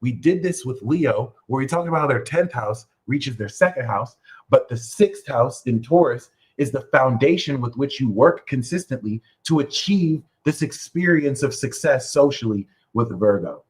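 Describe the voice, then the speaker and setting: A young man giving a casual astrology reading, loose and joking, with bursts of loud, animated rants. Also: moderate pace, rough recording. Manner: animated, swings into loud high playful rants with profanity. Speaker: astrology reader.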